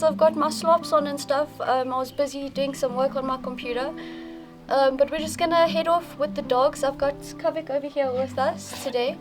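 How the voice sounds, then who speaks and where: A woman vlogging casually outdoors in the bush on a handheld camera, chatty and swearing freely, giving firm commands to her dogs. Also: high-pitched. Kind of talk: casual outdoor vlog narration.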